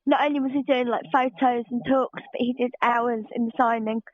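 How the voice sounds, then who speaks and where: A woman's voice: a little high, steady tone, fairly quick, no room sound. A woman from England, a listener guest talking eagerly about an event. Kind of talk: interview over phone. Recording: tinny phone line.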